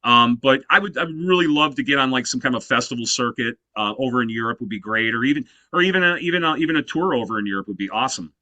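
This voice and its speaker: A man's voice: mid-range voice, quick pace, hardly any pauses, pushed and bright, no room sound, dull audio. A man in his fifties, a guest musician in a casual interview, telling stories animatedly and leaning on "you know" fillers. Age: 50s.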